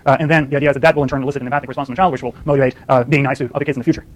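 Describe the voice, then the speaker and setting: A man with a steady, mid-range voice races through a university lecture on a low-quality recording. He uses lots of fillers, keeps restarting sentences, and frequently stops to ask "right?"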